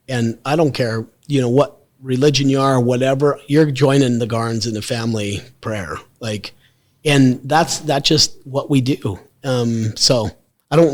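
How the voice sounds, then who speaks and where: Middle-aged male guest, high-energy storyteller, mid-pitched. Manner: animated, fast, bursts of loud excitement. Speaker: podcast guest.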